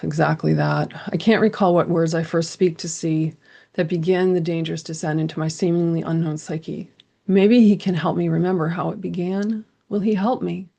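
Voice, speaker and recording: A woman with a low-pitched, gravelly voice reads aloud from her journal and then comments on it. She talks in an intimate, earnest way that sometimes stalls on restarts. Her voice has a rough, creaky edge. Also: dark tone. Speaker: host sharing a personal account.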